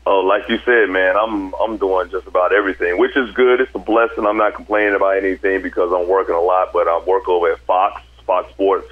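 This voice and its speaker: A man with a fairly low voice, chatting as a guest on a talk show. He jokes freely and often laughs at his own lines as he runs through a busy work life. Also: level tone, a little fast, hardly any pauses, phone-quality sound. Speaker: guest sports broadcaster. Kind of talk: casual chat.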